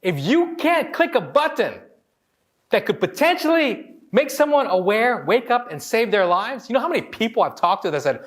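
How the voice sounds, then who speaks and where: A man in his forties from Hawaii giving a lively motivational talk, joking with the audience and acting out quotes. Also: extremely high pitch, normal speed. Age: 40s. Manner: animated, joking, acts out quotes. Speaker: motivational speaker.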